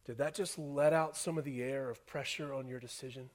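A man preaching a sermon to a congregation, dropping to hushed lines and rising to loud, emphatic ones. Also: mid-range voice, steady tone, a little fast. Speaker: pastor. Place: church hall before a congregation.

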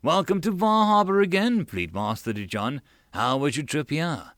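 Male reader as gracious young princess-governor; tactful, high voice, dry close sound. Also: animated, moderate pace, a bit bright, no room sound. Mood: polite. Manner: tactful, hesitant politeness.

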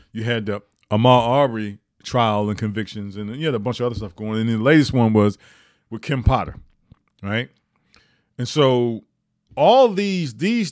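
A man hosting a podcast, giving opinionated year-end commentary with emphatic delivery and sudden high rises on stressed points. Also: dry recording, clean studio sound. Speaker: podcast host.

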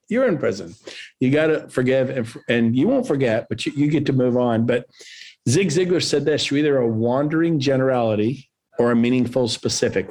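A man in his fifties telling lively, jokey stories as a guest on a podcast interview, acting out quotes in other voices. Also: medium pitch. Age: 50s. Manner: animated, jokey storyteller who acts out quotes in other voices. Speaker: podcast guest, real estate agent.

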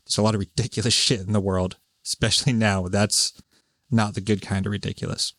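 A man's voice: lowish voice, flat delivery, a little fast, a bit bright, no echo, studio quality. A man hosting a podcast, talking alone in a rambling, sarcastic way with lots of swearing. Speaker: podcast host. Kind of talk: solo rambling monologue.

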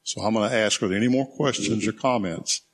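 A man leading a church small group, teaching in a conversational way, reading scripture slowly and reflectively, and inviting questions. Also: on the low side, breathy edge.

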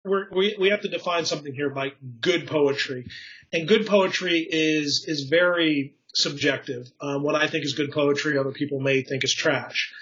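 A man's voice: fairly high pitch, normal speed, a bit bright, highs cut off. A man in casual conversation explaining poetry, rambling with restarts and fillers and chuckling at his own slips. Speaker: poetry enthusiast explaining craft.

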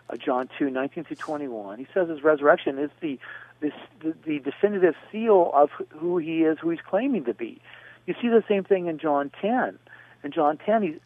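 A man answering a radio caller in a rambling, discursive way, pausing on fillers and spelling out names, heard over a phone line. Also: fairly high pitch, breathy edge, no echo. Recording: tinny phone line, dry.

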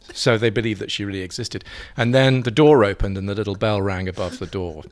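An English painter telling playful, theatrical anecdotes in a relaxed interview chat, often breaking into giggles. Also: male voice, on the low side, quick pace, few pauses. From England. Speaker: guest, painter.

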